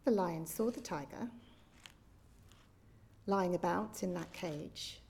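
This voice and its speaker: A woman, a minister leading a church service, telling a children's story in a gentle, expressive way. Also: lowish voice, slow pace, vocal fry.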